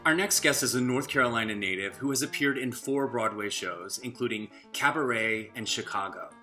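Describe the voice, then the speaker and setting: A man's voice: mid-range voice, moderate pace, over loud music. A man reading a polished, scripted introduction of a guest as announcer.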